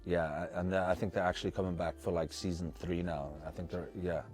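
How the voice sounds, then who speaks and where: A man's voice: low voice, fairly even intonation, a little fast, darkish tone, soft background music. A man from the United Kingdom, an actor and filmmaker, chatting easily in an interview with many fillers and restarts. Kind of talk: casual interview chat.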